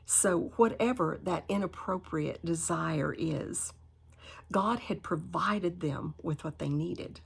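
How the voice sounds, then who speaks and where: A woman teaching a Bible study lesson, reading scripture aloud and then paraphrasing it with animated emphasis. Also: fairly low pitch, slow, creaky, slightly rough.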